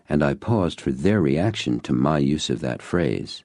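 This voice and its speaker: Very deep gravelly male narrator. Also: expressive, measured pace, few pauses, darkish tone, dry recording, studio quality. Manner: earnest, storytelling. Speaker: audiobook narrator. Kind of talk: scripted narration.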